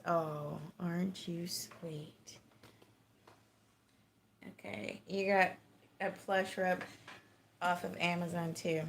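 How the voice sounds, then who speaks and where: A Texan woman chats in a slow, unhurried drawl as she livestreams from her small home. Her voice carries a gravelly fry. A faint hiss of noise sits behind her. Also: medium pitch. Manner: laid-back, chatty, laughs often, swears, greets viewers. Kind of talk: casual livestream chat.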